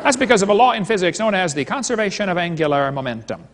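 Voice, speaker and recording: A man with a somewhat high voice lectures at a live seminar, mixing jokes with stories that he acts out as dialogues. His voice rings with the long reverb of a large hall. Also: animated, fast talker, noisy background. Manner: joking storyteller, retelling dialogues. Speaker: creationist seminar speaker.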